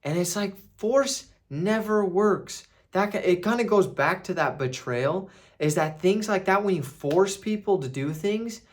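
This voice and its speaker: A man's voice: sits high, lively intonation, unhurried. A man casually recapping a film, rambling with restarts and fillers. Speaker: movie reviewer.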